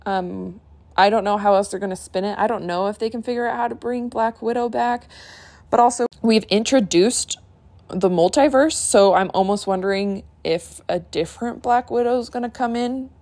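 A young woman hosting a casual solo podcast, gushing and excitable, often restarting her sentences. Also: mid-range voice, moderate pace, dry recording. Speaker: podcast host.

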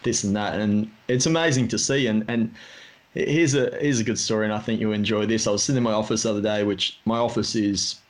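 A man's voice: lowish voice, steady tone, fairly quick. A man hosting a casual podcast interview, chatty and rambling with plenty of fillers. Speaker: podcast host.

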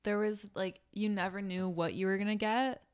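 A woman's voice: medium pitch, fairly even intonation, normal speed, clean tone. A woman co-hosting a podcast in casual chat, laid-back and laughing along. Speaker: podcast co-host.

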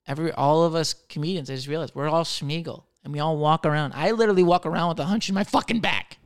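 A man in his thirties, a comedian hosting a podcast, rambling casually with lots of swearing and jokes, swinging from loud to mumbled. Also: a little high, fast, clean tone. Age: 30s. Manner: profane, jokey, rambling, jumping between loud and mumbled.

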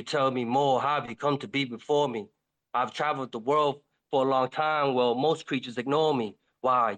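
Brief: sly pleading wolf in a spoken fable, put on by a man, higher voice. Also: fairly bright tone, low-quality recording. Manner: pleading, wheedling. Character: lonely hungry male wolf, pleading, sly.

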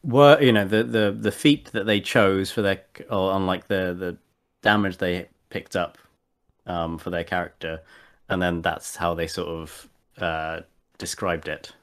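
A man's voice: low voice, steady tone, a little slow, a bit bright. A man chatting casually as a podcast co-host and tabletop player, rambling with many fillers and restarts. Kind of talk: casual chat.

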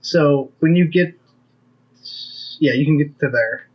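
A man's voice: on the high side, takes it slowly, dull audio. A man running a tabletop game as game master, making matter-of-fact rulings.

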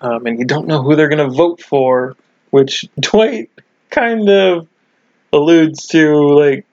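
A man co-hosting a podcast in casual chat, chatty and quick to laugh. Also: a little high, darkish tone, no echo, highs cut off. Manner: chatty, laughs often, restarts and fillers. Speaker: podcast co-host.

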